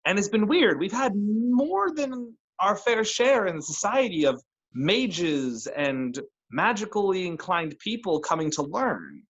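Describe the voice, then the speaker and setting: A man voicing a gentle, maternal woman who teaches divination, in his own everyday voice, speaking softly and sweetly. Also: high voice, big pitch swings, slightly rough, highs cut off, voice pushed up, exaggerated voice. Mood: puzzled. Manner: soft, sweet, unhurried speech.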